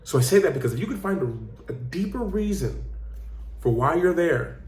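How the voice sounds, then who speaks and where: An earnest man coaching his audience, leaning on repetition and emphasis as he tells stories. His voice sits a bit high for a man, and the room adds a clear echo. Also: very animated, normal speed, a little mellow. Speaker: life coach and channel host. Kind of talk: motivational talk. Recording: roomy echo.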